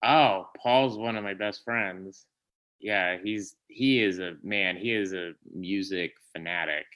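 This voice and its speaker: A man's voice: low voice, takes it slowly, low-quality recording. A man in his forties, a podcast guest, telling stories casually and slipping into impressions of people. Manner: animated storyteller, slips into impressions of people. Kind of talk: casual chat.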